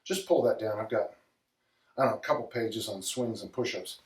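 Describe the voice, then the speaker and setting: Between kettlebell swing sets during his livestream, this male strength coach chats and rambles in a fairly low voice at a fairly quick clip, laughing softly again and again. It's picked up by a far-off mic, so the audio sounds roomy.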